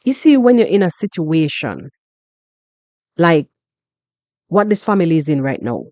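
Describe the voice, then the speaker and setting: A Jamaican woman hosting a podcast, talking through a story in an animated, repetitive way and often asking "you understand?". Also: sits low, a little slow, no echo. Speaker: podcast host. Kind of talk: casual commentary monologue.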